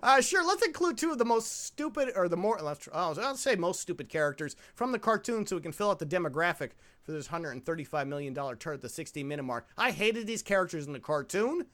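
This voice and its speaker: A man hosting a podcast, reviewing a movie in casual chat, animated and joking with some swearing. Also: high voice, quick pace, hardly any pauses. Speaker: podcast host.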